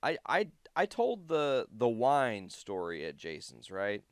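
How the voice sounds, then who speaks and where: Smooth-voiced man telling a story. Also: mid-range voice, slow pace, dry recording, studio quality. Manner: animated storyteller who acts out quoted voices. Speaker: podcast co-host. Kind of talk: casual storytelling chat.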